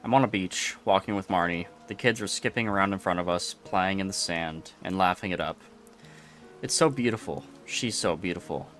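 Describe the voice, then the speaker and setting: A man reading a horror story in a steady, measured first-person telling. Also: low voice, faint music behind. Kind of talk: scripted horror narration.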